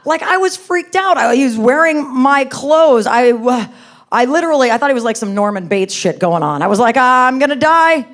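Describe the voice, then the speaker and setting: A woman's voice: a little high, animated, brisk. A woman stand-up comedian with a brash, profane, chatty delivery.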